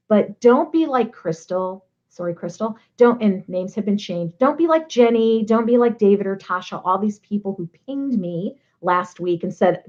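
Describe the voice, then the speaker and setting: A woman's voice: mid-range voice, lo-fi sound. Chatty woman giving advice. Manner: chatty, animated, playful asides. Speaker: nonprofit technology consultant. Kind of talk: casual advice talk to camera.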